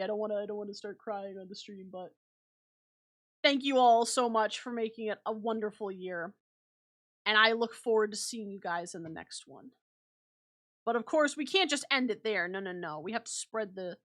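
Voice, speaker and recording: A young woman from a small remote place talks casually to her stream audience as she signs off for the year. Her voice sits a touch higher than most. She rambles, restarts her sentences and leans on fillers as she thanks her viewers. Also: pushed and bright. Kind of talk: casual stream sign-off chat.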